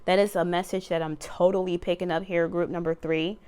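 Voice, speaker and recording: Lady doing a tarot reading, smooth clear voice, blunt and cussing, goes off on tangents. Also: on the low side, fairly quick. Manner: animated, blunt, swears freely, laughs and goes off on tangents. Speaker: tarot card reader. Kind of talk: casual tarot reading to camera.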